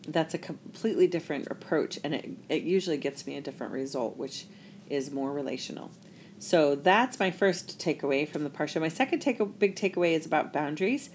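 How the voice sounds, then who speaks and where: A woman's voice: deep voice, expressive, a little fast, darkish tone, slight background noise. A woman sharing a weekly Torah reflection in a casual, chatty way, drawing on her experience as a parent. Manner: reflective, chatty, with laughs and restarts. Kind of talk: casual talk.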